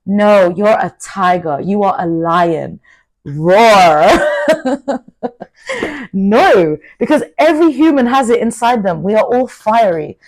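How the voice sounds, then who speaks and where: A young woman giving an outspoken, animated motivational talk to camera, full of asides. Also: mid-range voice, a little slow, hardly any pauses. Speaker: vlogger. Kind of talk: casual motivational monologue to camera.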